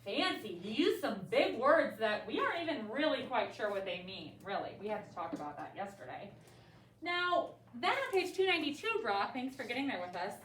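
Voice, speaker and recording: Woman teacher, encouraging, questioning pupils, high voice, roomy classroom sound. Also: big pitch swings, fairly quick, fairly bright tone, distant mic, a little hiss or hum. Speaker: third grade teacher. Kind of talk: classroom reading lesson. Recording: echoey classroom from afar. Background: faint classroom ambience.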